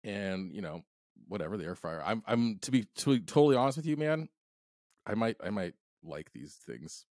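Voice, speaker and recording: A man's voice: on the low side, expressive, normal speed, a little mellow, no room sound, studio quality. A man co-hosting a podcast in casual chat, easygoing and laughing often. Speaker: podcast co-host.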